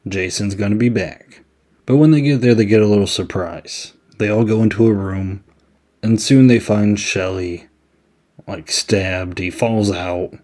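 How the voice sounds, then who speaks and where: Low-voiced man hosting a rambling podcast review. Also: fairly even intonation, measured pace, a little mellow. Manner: chatty and rambling, with many "I mean"s. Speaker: podcast host. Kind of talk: casual movie review.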